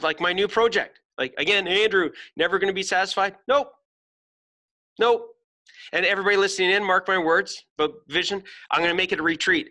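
A man's voice: a little high, bright, forceful tone. A middle-aged man hosting a podcast, giving a blunt, emphatic motivational talk full of swearing. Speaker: podcast host.

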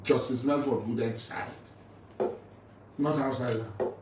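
Angry and taunting, a middle-aged militant leader with a Nigerian English accent rants at a rival at normal speed in a mid-range voice, mocking and confrontational throughout. A distant mic captures the roomy space and its faint ambient noise.

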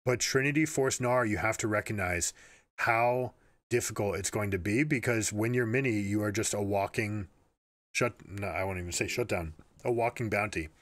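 A man commentating on an esports match and giving coaching advice, energetic and repeating words as he explains. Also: lowish voice, normal speed, dry recording. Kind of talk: game analysis with coaching advice.

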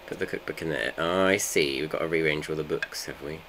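A man's voice: a bass voice, fairly quick, fairly bright tone, slight background noise. A man, chatting and joking with his viewers while playing a game. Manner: joking, bantering with chat. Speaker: streamer. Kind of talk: casual live gameplay chat.

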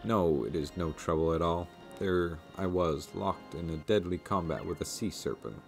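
A pompous, vain merchant who boasts and lords it over everyone, speaking in a grand, drawn-out manner, as a man puts him on. His voice sits fairly low and dark. Soft game music plays underneath. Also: creaky. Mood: boastful. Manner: grandiose, drawn-out lordly delivery with haughty laughs. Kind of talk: reading game dialogue aloud.

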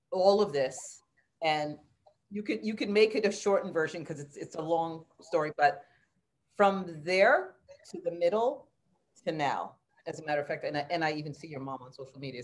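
Woman podcast host with a really low voice, encouraging and chatty. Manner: encouraging, affirming. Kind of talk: casual interview chat.

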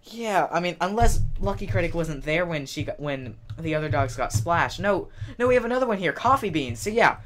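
A man's voice: fairly high pitch, expressive, brisk, hardly any pauses, background noise. A man hosting a game video, chatting and thinking aloud, often exclaiming in surprise. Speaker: let's play host. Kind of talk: gameplay commentary.

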